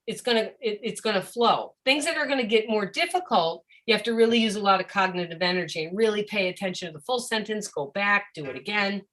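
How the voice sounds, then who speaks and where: Bright, animated woman lecturing. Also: medium pitch, quick pace, few pauses. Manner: animated, acts out a confused child's voice. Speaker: educator of deaf students. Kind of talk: live-streamed presentation.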